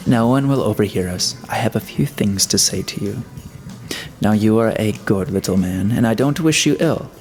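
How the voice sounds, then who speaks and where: A man's voice: lowish voice, normal speed, a little mellow, soft background music, natural voice. A man voicing a menacing, mocking middle-aged schemer in a storybook reading, familiar and cajoling.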